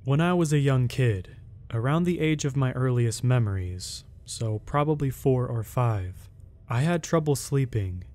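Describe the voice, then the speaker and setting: Man narrating a scary story, measured. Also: medium pitch, lively intonation, a little mellow, slight background noise.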